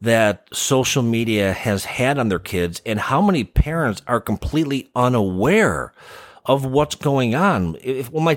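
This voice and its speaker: A man's voice: medium pitch, lively intonation, unhurried, no room sound. A man co-hosting a podcast, who talks in an earnest, reflective and opinionated way and sounds like a counselor. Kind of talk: casual podcast chat.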